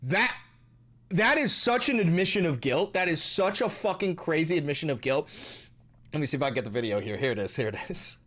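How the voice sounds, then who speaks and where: A man's voice: on the high side, fast talker, a bit bright. A man hosting his stream, giving casual news commentary with profane, indignant ranting and mocking asides. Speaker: streamer and host.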